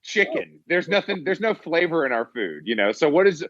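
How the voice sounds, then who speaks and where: A man's voice: on the high side, sing-song, brisk, a bit bright, highs cut off. A man co-hosting a podcast in casual chat, easygoing and giggly, asking eager questions. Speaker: podcast co-host.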